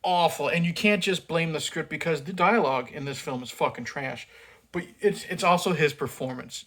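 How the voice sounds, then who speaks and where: A man's voice: fairly high pitch, pushed and bright. A man giving a casual, profane film review rant, blunt and sarcastic, with many fillers as he mocks the acting.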